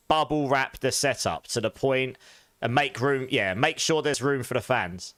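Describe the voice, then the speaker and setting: A man's voice: mid-range voice, normal speed, a bit bright, dry recording, clean studio sound. A man streaming a game live, chatting casually with viewers and laughing often. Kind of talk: casual live stream chat while gaming.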